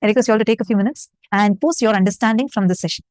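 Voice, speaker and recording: A woman with an Indian English accent teaches a live online spiritual session. She explains by putting questions to her listeners, speaking at a mid pitch. Her voice sounds dry and close to the mic. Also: very fast, darkish tone, no room sound, low-quality recording.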